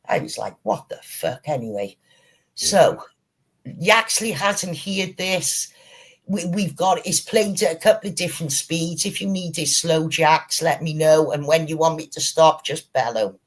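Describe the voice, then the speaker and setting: A man hosting a livestream, telling stories in a casual, animated way with plenty of swearing. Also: fairly high pitch, measured pace. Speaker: streamer host.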